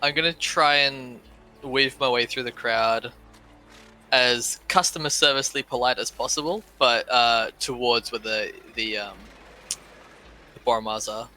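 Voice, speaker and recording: A man at a tabletop game talks through his character's moves in a hesitant, apologetic way. His voice is very bright and sits at a middle pitch, with faint music in the background. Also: steady tone, unhurried, low-quality recording. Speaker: player.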